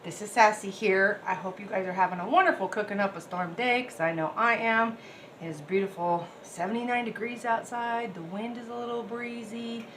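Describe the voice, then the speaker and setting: A woman's voice: medium pitch, fairly even intonation, moderate pace, fairly bright tone, a little hiss or hum. A woman, chatting casually and rambling cheerfully to her viewers as she cooks in her home kitchen. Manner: bubbly, rambling, talks straight to viewers. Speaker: cooking vlogger. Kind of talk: casual chatty cooking vlog.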